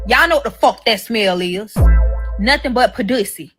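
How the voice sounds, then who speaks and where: Over faint background music, a storyteller in a played clip speaks at normal speed in a medium-pitched, slightly breathy voice. Her profane story-time tale is animated, and she swears liberally and acts out the quoted exchanges.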